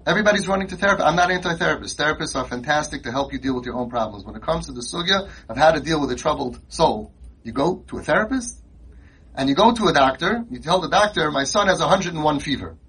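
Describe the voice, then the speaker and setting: A man's voice: on the high side, lively intonation, quick pace, a bit bright, breathy edge, poor audio. A man giving an impassioned, rhetorical speech at a conference, repeating his lines for emphasis. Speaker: conference speaker. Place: conference hall.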